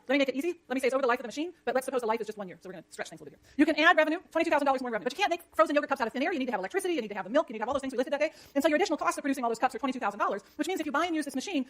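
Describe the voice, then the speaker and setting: A woman lecturing an economics class, brisk and jokey, scolding the chatter when it gets too loud. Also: sits high.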